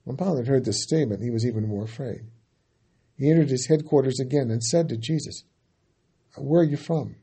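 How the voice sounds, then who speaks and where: A man giving a dramatic sermon that retells scripture. He gets loud on quoted cries and falls quiet at the ends of lines. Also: mid-range voice, a little fast, slightly rough.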